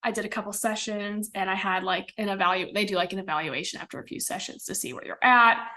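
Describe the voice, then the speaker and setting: Bright-voiced young woman from the midwest, chatting casually as a podcast guest, lots of ums and little laughs. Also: medium pitch, fast talker. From American Midwest. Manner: chatty, many fillers and laughs. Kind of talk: casual interview chat.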